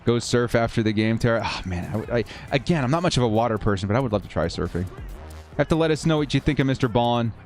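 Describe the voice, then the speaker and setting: A talkative male live-streamer who drifts between calling simulated football plays and answering his chat in a relaxed, casual way. His voice sits at a middle pitch, and faint background music plays under it. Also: fast. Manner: chatty, reads and answers viewer comments between plays. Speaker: livestream host of football game simulations. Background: faint 1980s-style background music.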